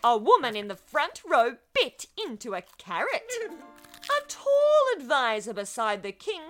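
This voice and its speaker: A woman reads a children's story aloud, acting out sound effects with playful expression. Her voice sits high and moves slowly, rising and falling in lively swings. Faint music plays underneath.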